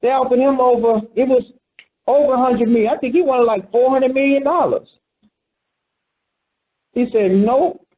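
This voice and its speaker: A man with a notably high voice teaches scripture in a loose, conversational sermon, tossing questions to his listeners and slipping into quoted voices. The recording is dull and lo-fi. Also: moderate pace, long pauses. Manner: animated, quizzes listeners and acts out quotes. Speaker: preacher teaching a congregation.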